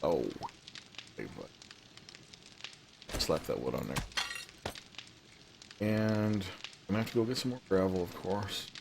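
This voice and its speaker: Guy from tennessee chatting over a game, kinda low voice, jokey, bit of hiss. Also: very animated, a little slow, gravelly, long pauses. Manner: rambling, joking. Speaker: let's play host. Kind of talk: casual game commentary.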